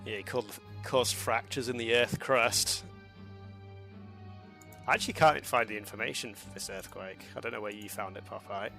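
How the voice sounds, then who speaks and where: A man's voice: on the low side, fairly even intonation, moderate pace, gravelly, pushed and bright, soft background music. A man doing casual live commentary on a strategy game match, rambling loosely and laughing often. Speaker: esports commentator.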